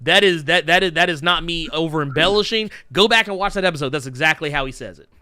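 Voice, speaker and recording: A man's voice: on the high side, fast, sharp tone, clean tone, dry recording. A man in his thirties hosting a podcast, talking animatedly, laughing and swearing freely. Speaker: podcast host. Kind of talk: casual chat.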